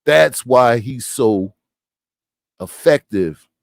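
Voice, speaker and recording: A man hosts a casual boxing podcast at an unhurried pace, talking into a podcast mic. He leans on rhetorical questions and repeats phrases for emphasis. The sound is dry, with no room echo. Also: mid-range voice, lively intonation, vocal fry. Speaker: podcast host.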